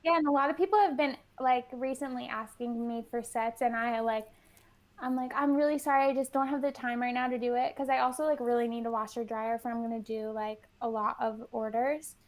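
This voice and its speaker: A woman's voice: fairly high pitch, steady tone, brisk. A woman guest in casual interview chat, bubbly and full of "like", acting out what she and others said. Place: New York.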